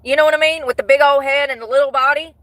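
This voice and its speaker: A woman gossiping to her viewers in a bright, forceful, slightly high voice. Her talk is animated and salty, full of slang and blunt asides. The sound is close and dry, with no room around it. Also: rapid-fire, dry recording. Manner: animated, swears, breaks into laughter. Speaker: vlogger. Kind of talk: casual gossip chat to viewers.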